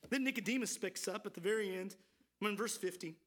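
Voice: medium pitch, fairly quick, a bit bright, a little hiss or hum. A preacher giving a morning sermon, asking listeners earnest rhetorical questions and lifting the voice when reading scripture aloud.

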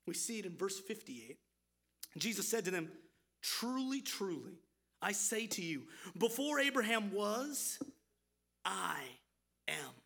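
A preacher delivering an expository sermon with a gravelly, fry-edged voice. The delivery is emphatic yet conversational, and words often repeat mid-thought. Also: mid-range voice, big pitch swings, slow pace, long pauses, fairly bright tone.

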